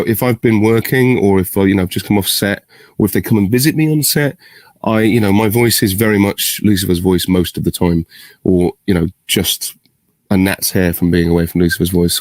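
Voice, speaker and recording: Fielding fan questions over a video call, a middle-aged man rambles good-naturedly, thinking aloud and cutting himself off mid-thought. His voice sits low and a little mellow, with no room sound.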